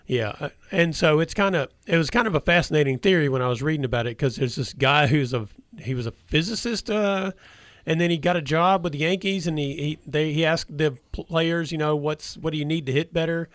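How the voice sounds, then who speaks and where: A man's voice: on the high side, fairly quick, a bit bright, no room sound. A man hosting a casual sports radio talk show, rambling with many restarts and hesitations.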